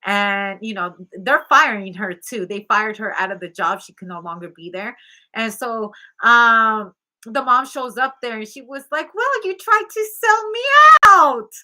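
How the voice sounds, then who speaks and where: A woman's voice: mid-range voice, a little slow, pushed and bright. A woman tarot reader casually retelling a story, chatty, often checking in with 'okay?' and acting out the quotes.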